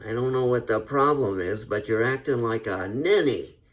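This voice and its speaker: A man impersonating a gruff cowboy hero with a halting drawl. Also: mid-range voice, lively intonation, close to an everyday voice. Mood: scolding.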